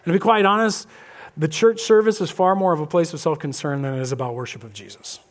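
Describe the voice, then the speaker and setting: A man preaching a lively sermon as pastor, acting out little scenes and voices of churchgoers. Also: a little high, fast. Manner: animated, acts out congregation voices. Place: church sanctuary.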